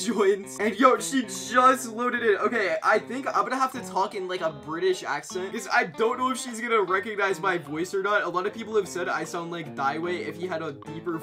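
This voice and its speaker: A man's voice: sits high, sharp tone. A young man giving casual, joking gameplay commentary as a gaming YouTuber, chatty and full of slang.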